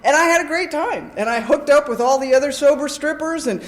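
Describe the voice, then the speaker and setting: A woman's voice: high voice, a little fast, slight background noise. Woman telling a comic recovery story in a roomy hall. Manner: animated, comic storytelling with frequent "right?" asides. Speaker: recovery convention speaker. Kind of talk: personal recovery share before a live audience. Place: convention hall with a live audience.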